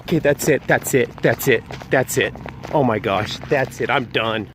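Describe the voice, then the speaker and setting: A man's voice: mid-range voice, moderate pace, a bit bright, a little hiss or hum. A man hosting a ghost-hunting vlog outdoors in a cemetery at night, talking into a handheld camera mic. He exclaims often and keeps repeating short phrases. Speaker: vlog host.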